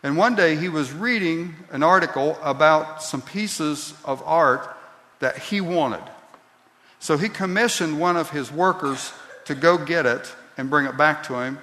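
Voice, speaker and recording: A pastor delivering a sermon at an unhurried, deliberate pace, his fairly high voice rising to emphatic peaks. The sound carries the long reverb of a large sanctuary. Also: bright, forceful tone. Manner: slow deliberate preaching that builds to emphatic peaks.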